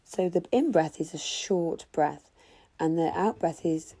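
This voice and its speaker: Woman leading yoga, low gravelly voice, calm slow cues. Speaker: yoga instructor. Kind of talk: guided yoga instruction.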